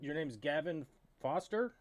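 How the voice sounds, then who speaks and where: A man's voice: fairly high pitch, animated, measured pace. A man hosting a casual livestream chat, rambling and self-mocking as he talks. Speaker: podcast host.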